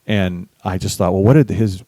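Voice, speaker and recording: A middle-aged man, a bass musician, telling a lively story in a casual interview, acting out the people he quotes. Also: normal speed, no room sound. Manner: animated storyteller, acts out quoted voices. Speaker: guest musician.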